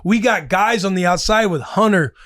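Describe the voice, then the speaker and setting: A man co-hosting a podcast, talking excitedly about football in casual chat and swearing freely. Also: high voice, normal speed, dry recording, studio quality. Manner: excitable, swearing sports fan talk. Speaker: podcast co-host.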